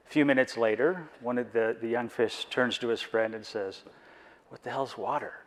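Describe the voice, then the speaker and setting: A man's voice: mid-range voice, moderate pace. Earnest man giving a reflective talk. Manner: earnest, personal, reflective, with rhetorical questions. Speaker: board member giving a conference talk.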